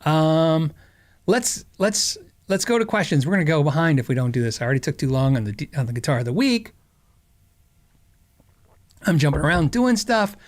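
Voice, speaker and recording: A man's voice: fairly high pitch, sing-song, moderate pace, pauses often. A middle-aged man hosting a podcast, telling a story in a casual, rambling way, laughing often and acting out quotes. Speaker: podcast host.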